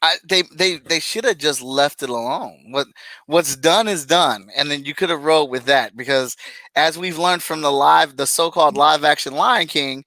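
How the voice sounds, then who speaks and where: A man co-hosting a casual podcast chat, ranting in an animated, exasperated way and laughing between points. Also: fairly high pitch, normal speed, no room sound, rough recording. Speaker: podcast co-host.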